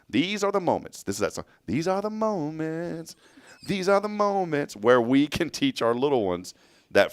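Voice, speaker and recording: A man's voice: lowish voice, dry recording, clean studio sound. A man hosting a local morning show, reading a prepared message and viewer greetings in a casual, joking way. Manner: reads shout-outs to viewers, jokes with his co-host. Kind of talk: reading a sponsor message, then casual chat.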